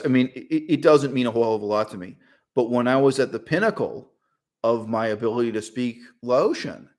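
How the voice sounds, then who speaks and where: A middle-aged man holds forth in a casual monologue at an ordinary pitch. His talk is animated and opinionated. He speeds up in bursts, throws in fillers and breaks into short laughs. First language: English. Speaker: channel host.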